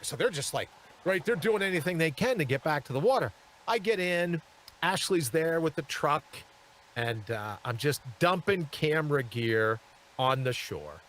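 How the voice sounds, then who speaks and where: A man hosting a live talk show, telling a story in an animated way and acting out the people in it. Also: fairly high pitch, moderate pace, a little hiss or hum. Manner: animated, acts out the people in his stories. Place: studio.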